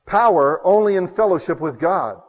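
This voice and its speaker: A man preaching a sermon, telling homey stories and swinging between loud bursts and hushed asides. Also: high-pitched, expressive, normal speed, long reverb tail, muffled recording.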